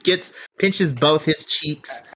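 A man's voice: on the high side, slow pace, fairly bright tone, slightly rough. A man narrating as game master, chatty, with frequent laughs and filler words.

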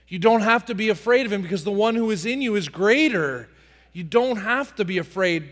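Dramatic high-voiced man preaching. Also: long reverb tail. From United States. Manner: dramatic, acts out prayers in voices, shifts from soft to booming. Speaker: pastor. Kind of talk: sermon.

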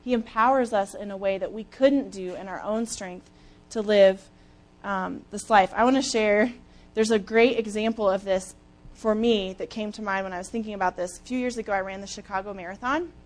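A young woman giving a sermon as a lively, chatty personal story, with casual fillers and easy laughs. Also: mid-range voice, moderate pace. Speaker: speaker at a church talk.

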